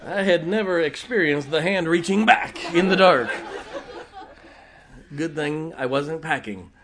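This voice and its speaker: A middle-aged man preaching a sermon in a folksy, humorous way, swinging from loud emphasis to quiet, intimate asides. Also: fairly high pitch, expressive, a little slow, a crowd in the background. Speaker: pastor.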